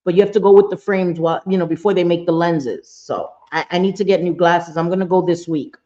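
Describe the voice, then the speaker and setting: A woman's voice: on the low side, a little fast, warm tone, dull audio. Chatty swearing woman on a livestream. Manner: chatty, blunt, swears freely, greets viewers by name. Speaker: livestream host. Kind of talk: casual livestream chat.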